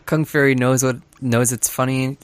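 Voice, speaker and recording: A man co-hosting a podcast in casual chat, making deadpan jokes. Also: medium pitch, moderate pace, clean tone, dry recording. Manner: deadpan joker. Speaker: podcast co-host.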